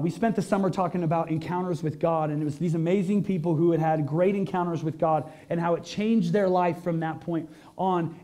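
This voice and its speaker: A man's voice: high-pitched, warm tone. A male pastor preaching a conversational sermon to a congregation, full of rhetorical questions and emphatic peaks.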